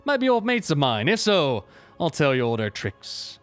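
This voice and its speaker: A man's voice: a little high, sing-song, moderate pace, a bit bright. A man reading a story aloud, voicing a cheeky reformed male pirate in a breezy, boastful, raised voice. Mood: jovial.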